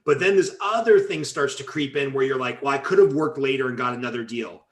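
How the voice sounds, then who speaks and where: A man's voice: medium pitch, fairly quick. A man hosting an interview, asking questions in a casual, conversational way. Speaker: host.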